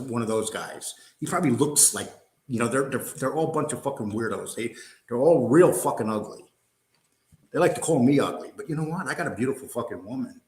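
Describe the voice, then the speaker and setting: An older man hosting a livestream, ranting angrily in a profane, combative, mocking way. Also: medium pitch. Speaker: host. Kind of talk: angry livestream rant. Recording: roomy echo.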